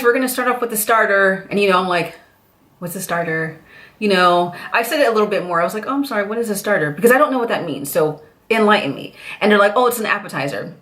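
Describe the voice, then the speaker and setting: A young woman from the United States, chatting casually to camera with lively, chatty talk that keeps slipping into quoted voices. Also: mid-range voice. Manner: chatty, animated, jumps into voices. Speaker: vlogger.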